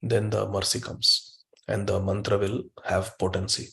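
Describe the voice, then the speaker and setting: A low, gravelly-voiced man teaching a devotional scripture class. He talks emphatically and repeats words to drive his points home. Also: little pitch movement, unhurried, a bit bright. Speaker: spiritual teacher. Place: online meeting room.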